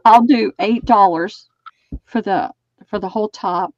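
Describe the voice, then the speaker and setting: Speaking slowly in a slightly mellow, medium-pitched voice, a Southern US woman runs a live online sale. She chats away while describing the fabric items she's selling, and the audio sounds muffled.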